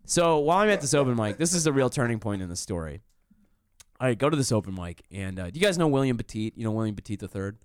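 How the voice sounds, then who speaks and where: A man tells a story as a comedian guest in a casual chat. His voice sits in a middle pitch and sounds dry and close to the mic. He swears freely and leaps up in pitch when he acts out his own lines. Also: fast, smooth, dry recording. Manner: animated, profane, jumps up in pitch when quoting himself.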